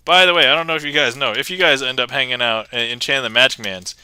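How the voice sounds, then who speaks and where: A man streams from a home setup with a very bright, crisp voice, joking loosely as he narrates card tricks. He laughs often and reads viewer comments aloud. The sound is dry and close, with no room echo. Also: mid-range voice, fairly quick. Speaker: magic livestreamer. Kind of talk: casual live-stream chat while performing card tricks.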